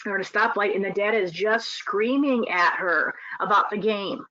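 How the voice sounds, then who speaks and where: A middle-aged woman who coaches, speaking earnestly in a casual webinar talk, often pausing to say um. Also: mid-range voice, sharp tone, dry recording. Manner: earnest, with frequent ums and restarts. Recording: dry, muffled call audio.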